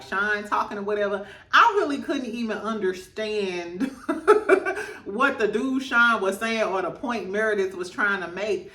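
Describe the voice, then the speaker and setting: A woman's voice: on the high side, bright, forceful tone, roomy sound, far from the mic. A woman hosting a casual reality TV recap, laughing a lot and acting out the cast members' lines in voices.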